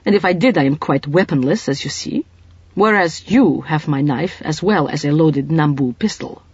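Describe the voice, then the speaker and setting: A narrator voicing a composed male colonel who speaks in a measured, formal, bland way, in an audiobook reading. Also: mid-range voice, slightly rough, no room sound, natural voice. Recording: dull lo-fi audiobook recording.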